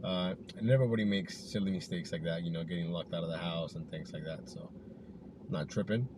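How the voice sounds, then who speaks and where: A delivery driver vlogs from his car while making deliveries, talking casually and upbeat to viewers, rambling with plenty of fillers. His voice is low-pitched and fairly quick, with car and road noise clearly audible behind him.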